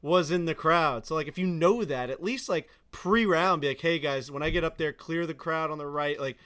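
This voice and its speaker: A man hosting a casual podcast chat, asking relaxed questions with plenty of fillers. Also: fairly high pitch, normal speed, clean tone. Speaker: podcast host.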